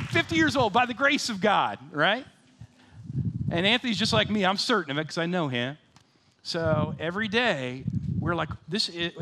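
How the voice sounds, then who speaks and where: A man in his fifties preaching a sermon, animated, swinging between loud excited bursts and quiet, sober scripture readings. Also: high voice, a little hiss or hum. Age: 50s. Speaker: pastor.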